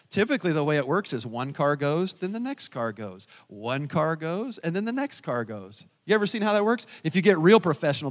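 A male pastor preaches in a church sanctuary, his voice a little high, sharing personal stories with lively, self-deprecating humor and chatty asides to the congregation. The recording carries the long reverb of a church hall.

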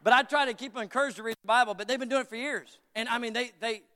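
A man's voice: extremely high pitch, fairly even intonation, very fast, bright, forceful tone, long reverb tail. A middle-aged man preaching a sermon, joking and telling stories to his congregation in a folksy way. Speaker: pastor.

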